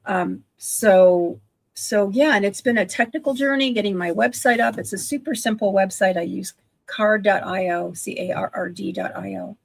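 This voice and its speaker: Older woman with a gravelly, husky voice. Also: medium pitch, normal speed. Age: 60s. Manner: chatty, self-correcting, enthusiastic. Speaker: guest, online business owner. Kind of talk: casual livestream chat.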